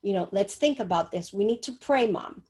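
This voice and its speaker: A woman acting out her adult son in a lowered, quiet voice, gently pleading and worried, a little lower than her usual tone. The son sounds caring and anxious rather than stern. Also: lively intonation, normal speed, slightly rough. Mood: concerned. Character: grown son, gently concerned about his mother.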